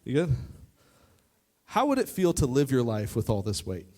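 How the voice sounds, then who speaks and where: A man preaching a youth sermon to a live audience, lively and joking, talking straight to the crowd. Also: mid-range voice, normal speed. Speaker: youth pastor. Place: church youth service in front of an audience.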